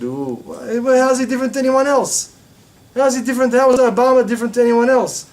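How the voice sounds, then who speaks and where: A male religious teacher gives a class in a lively, emphatic manner. He fires off rhetorical questions and stresses his points by repeating them. His voice sits fairly high for a man. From Australia.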